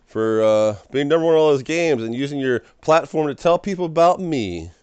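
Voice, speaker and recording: A man's voice: a little high, animated, a little fast, darkish tone, clear, resonant tone, dry recording, close to an everyday voice. Kindly Jesus giving praise, as a man quotes him. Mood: congratulating.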